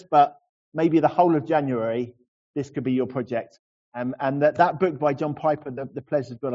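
A middle-aged man preaching a sermon earnestly, slowing down to linger over key phrases. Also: mid-range voice, a little mellow, lo-fi sound. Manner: earnest, slows to savor phrases.

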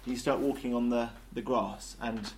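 A man leading an interactive Bible study, lively and jokey, asking the group questions. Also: mid-range voice, moderate pace, a little hiss or hum.

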